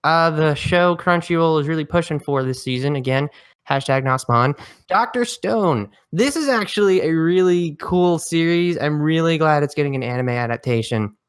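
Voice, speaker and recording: A man's voice: a little high, clean tone. Blunt, wry male podcast host. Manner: quick, blunt and wry, reads titles aloud. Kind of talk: casual podcast chat.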